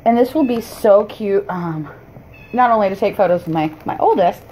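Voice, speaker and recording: A woman's voice: medium pitch, lively intonation, warm tone. Chatty woman doing a haul vid at home, keeps saying sorry, little bit of hiss behind her. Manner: chatty, rambling, apologetic, frequent pauses and restarts. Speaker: vlogger. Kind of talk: casual haul vlog. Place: cluttered home.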